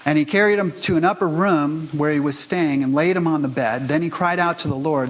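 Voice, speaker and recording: A man's voice: on the high side, a little fast, few pauses, low-quality recording. A man pastor giving a sermon in a conversational storytelling way, speaking straight to his congregation.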